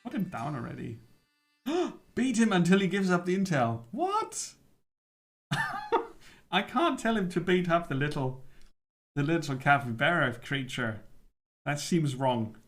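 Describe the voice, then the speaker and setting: A man's voice: a little high, expressive, normal speed, fairly bright tone. A man streaming live gameplay, chatting casually with hesitations and chuckles.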